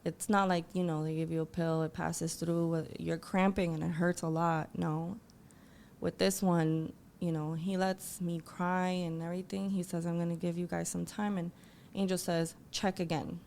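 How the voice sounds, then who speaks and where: A woman guest telling an emotional personal story, acting out what people said with lively quoted voices. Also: normal speed, creaky, a little hiss or hum. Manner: animated, acts out quotes in a higher voice.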